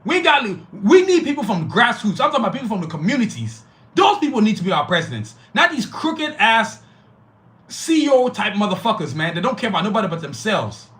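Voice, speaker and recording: A man's voice: sits high, very animated, fast, fairly bright tone. Fiery, profane male podcast host. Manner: profane, fiery, repetitive lists. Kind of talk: impassioned podcast monologue.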